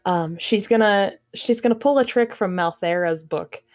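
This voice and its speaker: A woman host playing a tabletop game, chatty and quick to laugh. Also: mid-range voice, a little mellow. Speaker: player and channel host. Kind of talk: casual tabletop game play.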